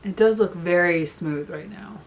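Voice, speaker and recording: A woman's voice: lowish voice, a little slow, background noise. A woman in her thirties chatting casually at home while doing her makeup, a storyteller who fills her talk with "like". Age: 30s. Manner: chatty storyteller, many "like" fillers. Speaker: beauty vlogger. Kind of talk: casual makeup tutorial chat.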